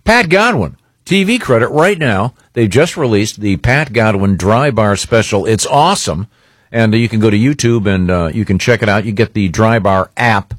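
A man's voice: on the low side, expressive, normal speed, no room sound, clean studio sound. A man hosting a radio show, trading teasing banter and steering the segment back on topic. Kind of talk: casual studio banter.

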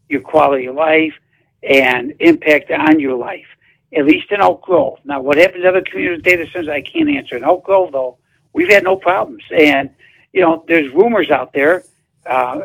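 Man, mayor on a call-in, blunt and emphatic, raspy gravelly voice, lively swings in pitch. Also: poor audio. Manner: blunt, emphatic, dismissive of controversy. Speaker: town mayor calling in. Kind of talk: radio phone interview.

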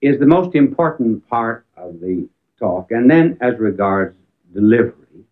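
A man's voice: mid-range voice, expressive, measured pace. Man telling stories over a tinny line. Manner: storytelling with emphatic rises and sudden drops to near silence. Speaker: speaker on public speaking. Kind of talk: anecdotal talk on public speaking. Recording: tinny phone-like band, old archive recording.

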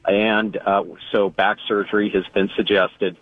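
A man's voice: fairly low pitch, level tone, a little slow, no room sound. A man calling in to a radio show from a phone while driving, speaking politely and hesitantly with many fillers. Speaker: caller. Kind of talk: phone call-in. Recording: tinny phone line.

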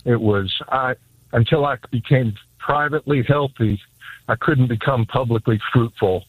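A man's voice: medium pitch, moderate pace, breathy edge, no room sound. A man calls in with a mid-range voice to share a personal testimony. He sounds upbeat and earnest. The sound is narrow and tinny, as over a phone line. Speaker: caller.

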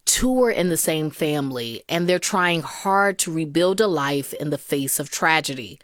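A woman radio news host who asks questions and introduces stories in a composed, clear way from a studio. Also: low-pitched, expressive, moderate pace, no echo.

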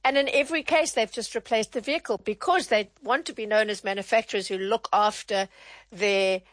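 A woman's voice: medium pitch, steady tone, brisk, a bit bright, dry recording. A woman hosting a radio phone-in, questioning a caller with frequent restarts. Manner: apologetic, probing, lots of restarts. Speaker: radio host.

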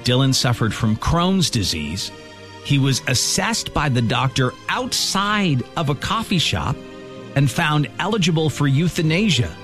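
Brief: animated male radio host, laughs often, expressive pitch, light music bed. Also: unhurried. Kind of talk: radio show banter and news recap.

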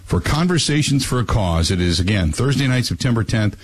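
A man hosting a radio talk show, plugging an event and then ranting, his voice climbing high when worked up. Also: animated, fairly quick, breathy edge. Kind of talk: casual radio talk and rant.

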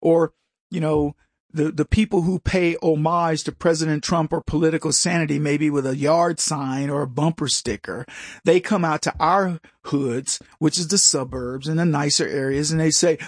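American guy ranting commentary, kinda high raspy voice, keeps restarting sentences. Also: fairly even intonation, normal speed, no room sound, studio quality. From United States. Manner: emphatic, stumbling restarts, mocking voices for others. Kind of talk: opinionated monologue.

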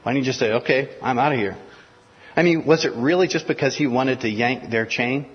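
A pastor preaching a sermon verse by verse, acting out the dialogue of the story in casual speech. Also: male voice, mid-range voice, brisk, breathy edge. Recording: dull recording in a reverberant hall.

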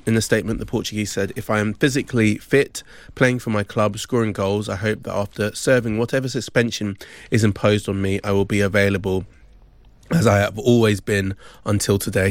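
A man presenting a sports news bulletin, brisk, with frequent ums. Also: fairly low pitch, dry recording.

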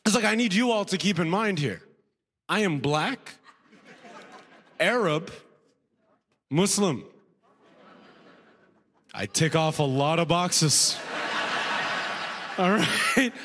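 A man's voice: high-pitched, animated, takes it slowly, pauses often, fairly bright tone, big-room sound, a little hiss or hum. A young man from Sudan, doing a conversational stand-up comedy set on stage, tagging lines with "right?" and laughing along. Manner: conversational, self-deprecating, frequent "right?" tags and laughs. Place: comedy club stage before a live audience.

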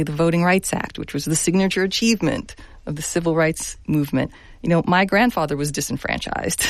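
A middle-aged woman journalist giving a thoughtful radio interview, speaking earnestly and laughing softly now and then. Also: low voice, no room sound. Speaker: journalist guest.

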